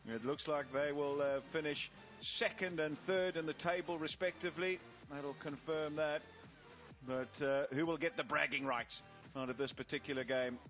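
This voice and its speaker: A man's voice: fairly high pitch, normal speed, fairly bright tone, soft background music. A man presenting a cricket broadcast, talking casually with frequent fillers. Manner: chatty, filler-heavy presenting. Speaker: cricket commentator. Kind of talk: broadcast sports commentary.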